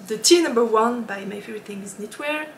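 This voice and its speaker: A woman hosting a knitting podcast in a casual, chatty way, often laughing and pausing with ums. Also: a little high, fairly bright tone, roomy sound, a little hiss or hum. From lives in Switzerland.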